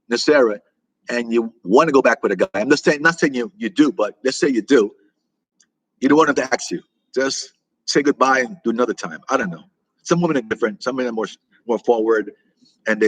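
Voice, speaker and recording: A man's voice: medium pitch, husky, no room sound, poor audio. A middle-aged man from the United States hosting a casual live chat, rambling, repeating himself and answering viewer comments as they come in. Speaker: livestream host answering chat.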